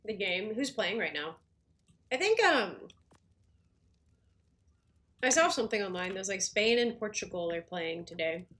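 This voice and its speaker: A woman's voice: medium pitch, animated, normal speed, long pauses, a bit bright. A woman chatting casually on a game livestream, talking with lots of fillers and little laughs while she eats and plays. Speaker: game streamer.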